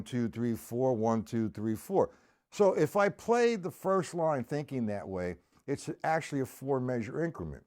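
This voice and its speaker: Slow-talking man counting drum strokes. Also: medium pitch, darkish tone. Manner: patient, counting aloud while playing. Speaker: drum teacher. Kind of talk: live-streamed drum lesson.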